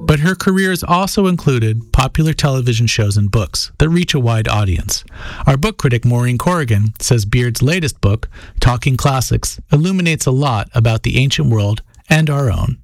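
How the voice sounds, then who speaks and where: A man hosting a radio interview, asking questions and reading introductions in a measured, conversational way. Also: mid-range voice, animated, no echo.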